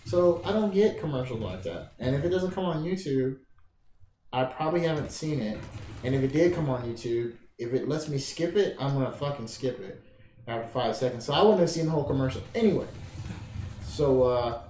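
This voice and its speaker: A man's voice: mid-range voice, lively intonation, a little fast, dark tone, roomy sound, a little hiss or hum, poor audio. A man hosting a casual gaming stream, talking in a profane, rambling way and laughing with a friend.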